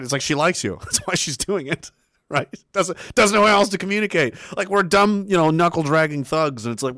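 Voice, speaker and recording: Man in his 30s, lively swooping voice, profane rambling talk, dry close sound. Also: fairly high pitch, a little fast, dry recording. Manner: profane, loose, laughing, with many restarts. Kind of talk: casual rambling monologue.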